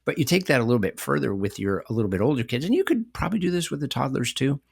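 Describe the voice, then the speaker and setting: A middle-aged man co-hosting a podcast, telling stories in an animated way and laughing often. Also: mid-range voice, racing, gravelly, breathy edge, no room sound, clean studio sound. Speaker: podcast co-host. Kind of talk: conversational podcast discussion.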